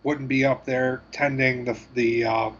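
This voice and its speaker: A man co-hosting a gaming podcast, talking in a rambling, halting way with self-deprecating asides. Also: mid-range voice, little pitch movement, a bit bright, highs cut off, a little hiss or hum. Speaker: podcast co-host. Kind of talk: casual chat.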